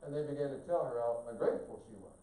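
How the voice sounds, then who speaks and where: An older man preaching a sermon as a guest speaker, telling stories with humor and shifting into a higher voice when he quotes people. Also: fast talker, mellow. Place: church sanctuary. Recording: echoey sanctuary from a distance.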